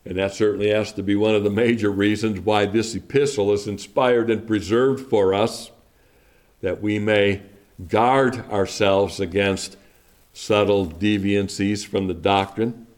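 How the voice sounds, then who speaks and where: Slow, measured male preacher. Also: on the low side, fairly even intonation, darkish tone. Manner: deliberate, measured preaching with emphatic repetitions. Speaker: pastor. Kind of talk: sermon.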